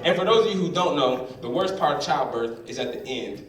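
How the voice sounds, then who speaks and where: A man's voice: fairly high pitch, brisk. A man telling stand-up stories and acting out the voices of the people in them. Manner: animated storytelling, acts out voices. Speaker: stand-up comedian. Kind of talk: stand-up comedy. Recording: roomy hall from a distance, loud crowd.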